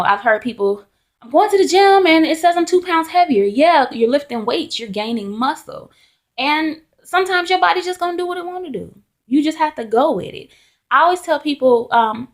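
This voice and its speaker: Chatty woman with a gravelly voice. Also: a little high. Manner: chatty, animated storytelling with candid asides. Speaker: vlogger. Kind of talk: casual chat to camera.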